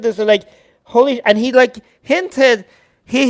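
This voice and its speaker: A man with a high, smooth and clear voice hosts a live-stream commentary. He reads news snippets aloud, breaks off to answer viewer comments and slips into mocking impressions of people. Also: moderate pace. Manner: sarcastic, mocking impressions of others. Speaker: host.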